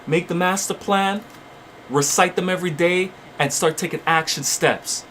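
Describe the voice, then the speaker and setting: A man's voice: high voice, normal speed, bright, forceful tone, a little hiss or hum. A man hosting his channel, delivering fiery, repetitive spiritual motivational preaching. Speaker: channel host.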